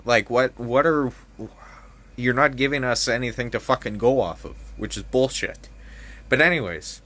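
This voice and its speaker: Bright-voiced man ranting with heavy swearing. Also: medium pitch, normal speed. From Canada. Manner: heavy swearing, fired-up and frustrated. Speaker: vlogger. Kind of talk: casual opinion rant.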